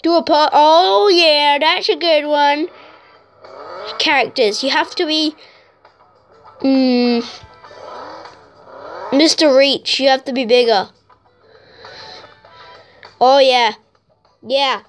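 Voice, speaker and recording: A woman playing a video game and giving casual, excitable commentary to her viewers, exclaiming at each crash. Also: high-pitched, takes it slowly, pauses often, soft background music. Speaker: gaming YouTuber. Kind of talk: casual let's-play commentary.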